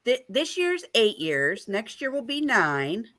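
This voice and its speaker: A woman's voice: fairly high pitch, sing-song, slow, a bit bright. A woman hosting a casual live-stream chat. She is chatty and encouraging and asks her guests lots of questions.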